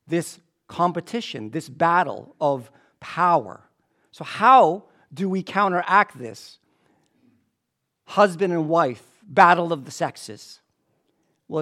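A pastor with a high voice preaches a lively sermon. He speaks animatedly and banters with the congregation between his points.

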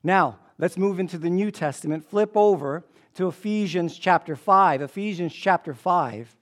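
A pastor preaching a sermon to his congregation, animated and joking with the audience. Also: sits high, moderate pace.

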